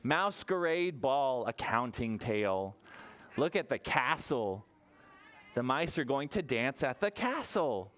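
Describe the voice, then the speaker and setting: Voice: medium pitch, very animated, a bit bright. Sing-song children's librarian reading aloud. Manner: sing-song, coaxing, asks the children questions; counts aloud slowly and playfully. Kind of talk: reading a picture book aloud to toddlers.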